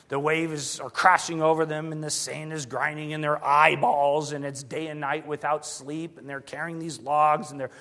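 A man preaching a sermon, telling stories in an animated, excitable way with bursts of shouting. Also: a little high.

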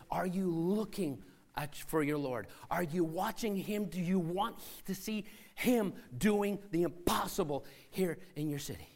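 A man preaching a sermon as a missionary, acting out scenes and voices and swinging from shouting to hushed tones. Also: sits high.

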